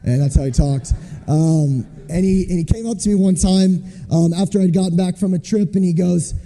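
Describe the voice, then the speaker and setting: A high-voiced man with a dark tone preaches at a normal speed, soft music playing behind him. As a missionary preacher, he spins his sermon as a chatty story, imitating the people he quotes, and the large hall adds a long reverb.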